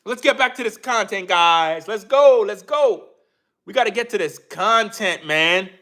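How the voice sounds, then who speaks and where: A man's voice: sits high, animated, unhurried, sharp tone. A man giving an emphatic commentary rant as a YouTube commentator, repeating himself and addressing viewers directly.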